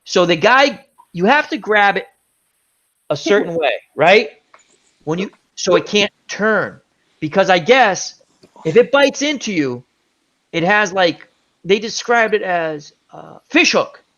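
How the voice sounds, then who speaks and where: Male host, animated rambling storyteller, higher register, muffled recording. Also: takes it slowly. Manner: rambling, animated anecdote with many asides. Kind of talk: casual chat storytelling. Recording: dull lo-fi audio.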